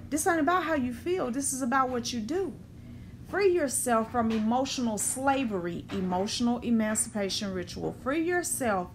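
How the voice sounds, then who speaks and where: A woman giving a blunt, emphatic spiritual talk who swears freely, then eases into a slow guided visualization. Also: sits high, slight background noise. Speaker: spiritual teacher. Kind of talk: spoken ritual talk.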